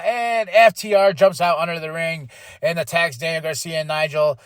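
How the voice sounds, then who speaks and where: A man hosting a podcast, recapping wrestling in casual talk and acting out quoted lines in quick mock voices. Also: a little high, fairly even intonation, fairly bright tone, smooth, dry recording, studio quality. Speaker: podcast host.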